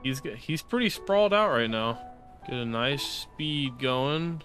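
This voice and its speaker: A young man doing let's play commentary, excitable and sarcastic, pleading and shouting at the game as he plays. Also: medium pitch, measured pace, faint music behind. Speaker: gaming YouTuber.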